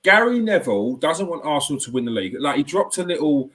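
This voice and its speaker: Opinionated fan host. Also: male voice, fairly high pitch, big pitch swings, fast, a bit bright. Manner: opinionated, ranty. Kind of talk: casual football reaction chat.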